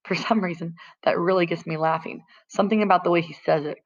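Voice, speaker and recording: A woman's voice: on the low side, steady tone, quick pace, lo-fi sound. A woman reading a first-person novel aloud in a plain, conversational narrating voice. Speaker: audiobook reader.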